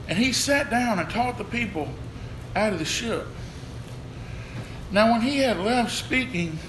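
Male preacher, high bright voice, shouts and whispers, roomy hall with faint hiss. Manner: shouts and drops to a hush, preacher cadence. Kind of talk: sermon. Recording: echoey room with faint noise.

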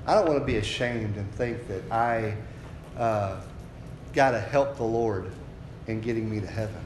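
A man from the United States, his voice on the low side, preaches at a moderate pace, explaining scripture in a conversational teaching style that poses questions to listeners before building to raised, fervent preaching. The recording has an echoey room, faint ambience, and a noisy background.

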